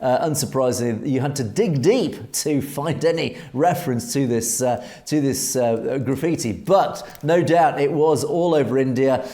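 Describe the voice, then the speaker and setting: A man's voice: mid-range voice, normal speed, few pauses, warm tone. A man co-hosting a political news commentary show, speaking emphatically with frequent hesitations. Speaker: co-host.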